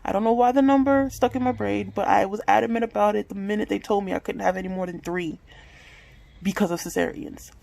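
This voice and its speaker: This woman in her late twenties speaks fairly quickly at medium pitch, her gravelly voice a little mellow and her intonation fairly even. Talking candidly and emotionally to her phone camera indoors at home, she swears freely, and the recording is rough.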